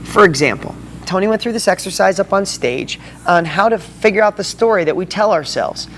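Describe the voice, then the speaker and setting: A man hosting a motivational video blog, talking to viewers in an excited, fired-up way. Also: high voice, brisk, a little hiss or hum.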